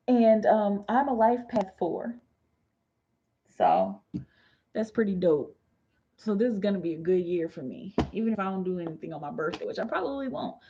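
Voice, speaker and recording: A woman's voice: mid-range voice, sing-song, moderate pace, pauses often, lo-fi sound, a little hiss or hum. A woman in her thirties, a tarot reader chatting casually on a livestream, laid-back and slangy, giggling often and a little tipsy. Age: 30s.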